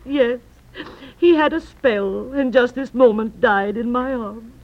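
An actress playing a sly, quick-witted housemaid with a wry manner, in vintage stage-play style. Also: female voice, fairly high pitch. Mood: mock-mournful. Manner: wry, mock-mournful. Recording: muffled lo-fi old recording.

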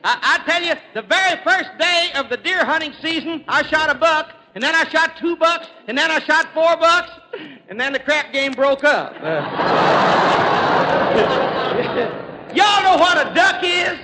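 A folksy stage comedian fires off rural hunting gags, chuckling at his own jokes and stammering when he restarts. His very high voice is bright and forceful, a little slow, and echoes around a hall with faint noise.

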